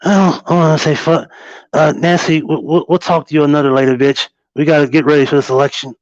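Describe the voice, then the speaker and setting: A man's voice: a little high, fairly even intonation, quick pace, dry recording, dull audio, natural voice. Man doing a brash blustering politician. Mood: dismissive. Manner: dismissive, profane.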